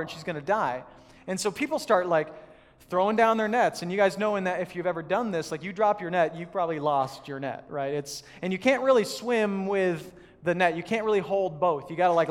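A man preaching a sermon as pastor, telling a story in a casual, animated, self-deprecating way. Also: high voice, long reverb tail. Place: church hall.

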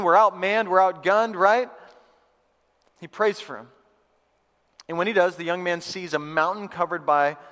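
A male pastor giving a lively, conversational sermon to a live church congregation, repeating phrases for emphasis. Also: high voice. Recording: long hall reverb.

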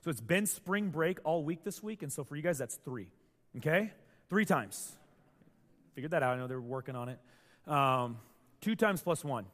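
Animated male pastor in an echoey hall. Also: fairly high pitch, normal speed. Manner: animated storytelling, acts out quotes. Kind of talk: sermon.

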